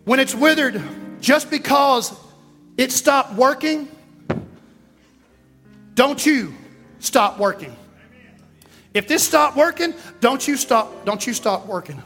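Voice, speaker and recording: Brief: fervent pastor, very high voice, echoing hall with music underneath. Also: male voice, normal speed, a bit bright. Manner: fervent, repetitive, folksy preaching. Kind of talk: sermon. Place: church sanctuary. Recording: reverberant hall with music behind.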